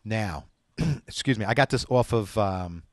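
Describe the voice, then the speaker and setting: A man's voice: lowish voice, a little slow, no room sound. A middle-aged man hosting a show, chatting casually and rambling with lots of fillers and restarts as he gives diet advice. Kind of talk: casual talk to camera.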